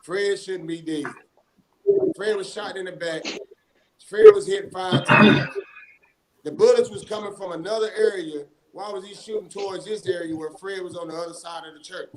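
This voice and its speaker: A man's voice: high-pitched, steady tone, brisk. A man giving an impassioned, rally-style speech as an activist guest. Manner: rising, rally-style delivery. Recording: roomy sound with crowd noise.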